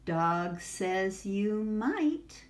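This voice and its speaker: An older woman reading a picture book, voicing a small sad kitten with high pleading questions. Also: sing-song, drawn-out words. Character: small sad young female kitten, earnest and determined.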